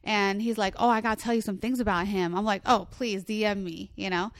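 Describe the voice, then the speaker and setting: A woman telling a comedic dating story in casual chat, animated and rambling, swearing and acting out what others said. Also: medium pitch, brisk, dry recording, clean studio sound. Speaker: comedian guest.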